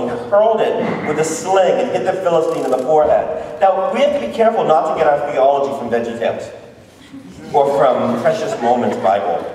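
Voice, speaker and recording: A man preaching as a missionary, retelling a Bible story in a playful way and asking his audience questions. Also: fairly high pitch. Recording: very echoey hall, voice from far off.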